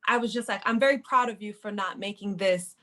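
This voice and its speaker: Bright-voiced animated woman. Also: medium pitch, a little fast. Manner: animated, quotes her own inner talk. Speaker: podcast co-host. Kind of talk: casual podcast chat.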